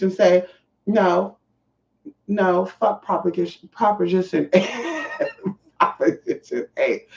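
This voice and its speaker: A woman's voice: on the low side, darkish tone. Sassy trans woman vlogging, swears a lot, talks to the viewers directly; echoey room, set back from the mic, muffled sound. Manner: sassy, profane, calls the viewers honey and y'all. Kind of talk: casual storytelling to viewers. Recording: echoey, distant, dull sound.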